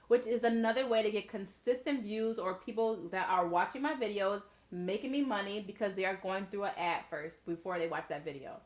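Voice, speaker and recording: A young woman giving casual, encouraging advice to her viewers on her vlog. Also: medium pitch. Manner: chatty, encouraging, addresses viewers directly. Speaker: YouTuber and blogger. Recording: echoey room.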